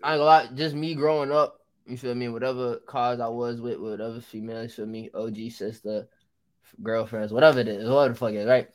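A man's voice: medium pitch, steady tone, fast talker. A man co-hosting a casual podcast, throwing in rowdy comments. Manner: rowdy, loud interjections. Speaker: podcast co-host. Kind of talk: casual banter.

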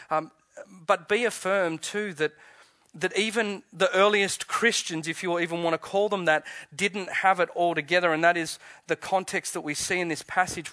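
A man gives an Easter sermon in a fairly high, bright and forceful voice. He talks to the congregation conversationally, posing questions and restarting his phrases. The sound is dry and close. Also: no room sound. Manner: conversational, questioning, self-interrupting preacher. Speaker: pastor.

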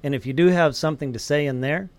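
Calm, advice-giving man. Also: a little high, fast. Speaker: guest mentor. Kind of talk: casual round-table talk.

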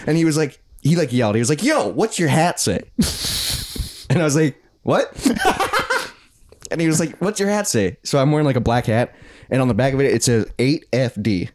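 Man, young adult, podcast co-host, casual chat, lively storyteller, mid pitch. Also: normal speed, pauses often. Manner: animated storyteller, acts out quotes, laughs often.

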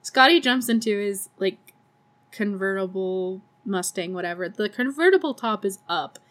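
A woman hosting a podcast, recapping a movie in a casual, profane, sarcastic way, laughing often and doing high voices for the characters. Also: animated, normal speed, fairly bright tone. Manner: acts out characters in a high put-on voice. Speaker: podcast host.

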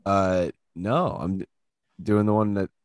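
A man's voice: low voice, steady tone, unhurried, clear, resonant tone, dry recording, clean studio sound. A young man hosting a comedy podcast, rambling through stories and acting out the lines he quotes in casual chat. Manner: rambling storyteller, acts out quotes. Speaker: podcast host.

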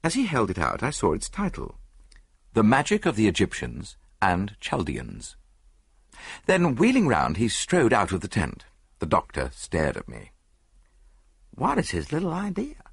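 A man reading an audiobook in measured first-person narration on a close studio mic. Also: on the low side, wildly swooping pitch, slightly rough, no echo.

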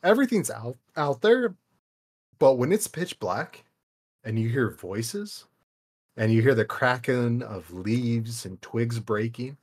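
A man's voice: mid-range voice, lively intonation, slow pace, a little mellow. Rambling young man on a podcast. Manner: rambling, loose, swears casually. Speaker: podcast co-host. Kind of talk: casual podcast chat.

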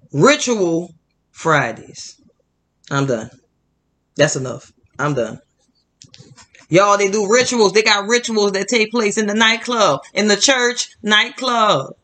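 A man's voice: high voice, sharp tone. A man hosting indignant religious commentary, talking straight to his viewers with emphatic repetition and a fired-up, preachy delivery. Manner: fired-up, preachy, addresses audience as "y'all". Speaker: Christian commentary host.

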